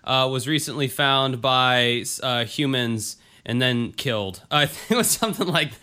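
A man's voice: mid-range voice, normal speed, pushed and bright, smooth. A man co-hosting a casual talk show, rambling and joking with lots of fillers and restarts. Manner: laid-back, jokey, swears casually. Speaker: podcast co-host. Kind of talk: casual chat.

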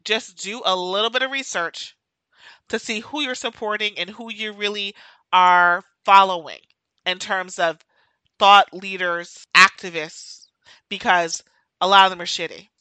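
A woman's voice: medium pitch, steady tone, measured pace, bright, forceful tone, clean tone, no echo, low-quality recording. A woman hosting her own podcast, speaking in an emotional, impassioned monologue and hammering her points home by repeating them. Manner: impassioned, emphatic, repeats key phrases. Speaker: podcast host.

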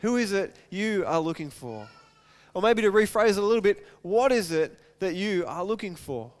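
A man's voice: high voice, lively intonation, moderate pace. A man preaching a sermon, retelling a scripture story and asking his listeners repeated questions. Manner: reads scripture aloud, then preaches with repeated rhetorical questions. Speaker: pastor.

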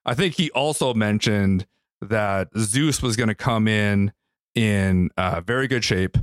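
A man's voice: lowish voice, a little slow, dry recording, clean studio sound. A man co-hosting a podcast, rambling casually about a movie with many fillers. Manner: rambling, lots of fillers like "like" and "you know". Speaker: podcast co-host. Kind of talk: casual movie review chat. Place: Sydney.

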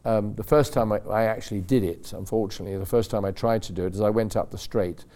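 A man's voice: fairly low pitch, steady tone, quick pace, warm tone. An older man, a racing driver guest on a club talk show, telling long anecdotes in a rambling, self-correcting way and acting out the voices of the people he quotes. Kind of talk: anecdotal storytelling.

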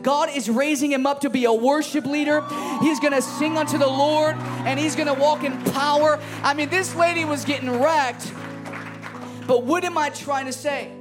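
A man with a very high voice preaches a fervent sermon in a church. He is emphatic and keeps calling out to the congregation. Music plays clearly behind him. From Chicago. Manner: fervent and emphatic, calls out to the crowd. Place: church service.

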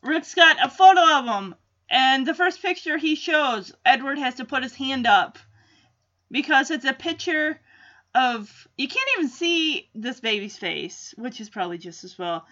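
High, bright-voiced chatty woman. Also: animated, measured pace, muffled recording. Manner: chatty, amused, acts out quotes. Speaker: vlogger recapping a sitcom episode. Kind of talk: casual reaction chat.

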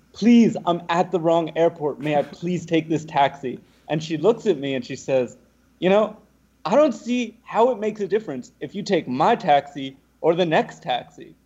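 A young man, a podcast guest, telling a lively anecdote and acting out what the other people said. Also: on the high side, highs cut off. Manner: animated, acts out the other people's lines. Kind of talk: casual storytelling.

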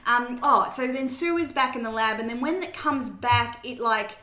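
A podcast host with a sharp, highish voice recaps a film scene by scene at a moderate pace, chatting casually with plenty of fillers. The recording has a roomy echo.

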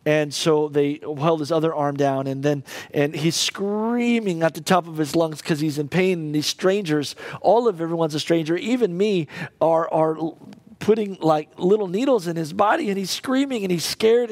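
Guy pastor preaching, kinda high voice, stumbles and restarts a lot, emotional. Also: a little mellow, no room sound. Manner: halting and emotional, many restarts. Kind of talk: sermon with a personal story.

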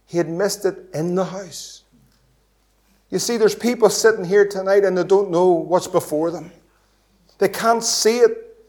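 A man preaching an impassioned evangelistic sermon, asking rhetorical questions and swinging between loud and hushed delivery. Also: high voice, a little slow, pauses often. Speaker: pastor.

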